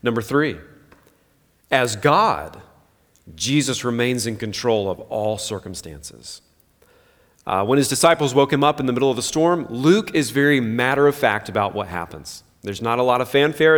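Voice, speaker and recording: A pastor in his thirties giving an earnest, conversational sermon full of rhetorical questions. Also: mid-range voice. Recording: long hall reverb.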